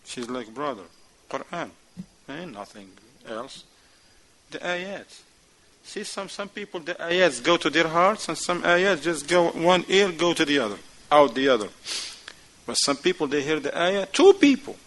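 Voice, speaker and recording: Male mosque teacher, lively, plays out scenes while he teaches, fairly high pitch. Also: moderate pace, a little hiss or hum, low-quality recording. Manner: animated, acts out dialogue, non-standard grammar. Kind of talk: lecture class.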